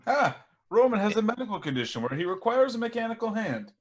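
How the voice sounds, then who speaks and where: A man's voice: sits high, sing-song, fast. A man playing a tabletop game, playful and teasing. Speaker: player.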